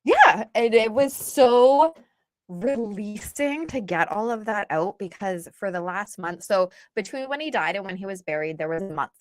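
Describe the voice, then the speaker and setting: A woman's voice: medium pitch, lively intonation, normal speed, dry recording. A woman in her thirties, a guest author, telling a personal story in a blunt, emphatic, candid way. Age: 30s.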